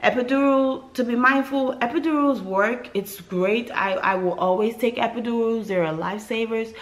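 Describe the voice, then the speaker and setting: A young adult woman from West Africa telling a personal story to camera in a vlog, animated and emphatic, acting out what people said. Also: on the high side, normal speed. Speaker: vlogger.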